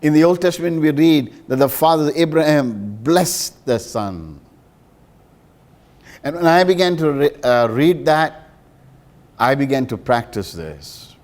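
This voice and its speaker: A man's voice: expressive, a little slow, a little mellow. A man preaching a sermon as a pastor and counselor, emphatic and pleading. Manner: emphatic, pleading, with dramatic pitch swings.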